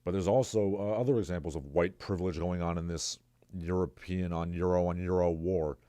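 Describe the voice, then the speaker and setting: Sarcastic guy rambling through his stream, kinda low dark voice, reads the chat out. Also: steady tone, a little fast, no room sound. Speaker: livestream host. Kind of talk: casual solo commentary.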